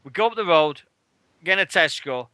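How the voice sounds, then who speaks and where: A British man hosts a wrestling radio show, telling a swear-laden anecdote with lively energy. His voice is bright and a touch high. It sits close and dry on the mic. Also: fairly quick, clean tone, dry recording. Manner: animated, swearing, shouting out quoted lines. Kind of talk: casual storytelling chat.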